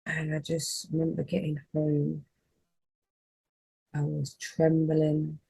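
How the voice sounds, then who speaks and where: A woman's voice: sits low, monotone, slow pace, gravelly, mellow, slightly rough, low-quality recording. A woman, a spiritual reader telling an emotional personal story in a rambling, heartfelt way on her vlog.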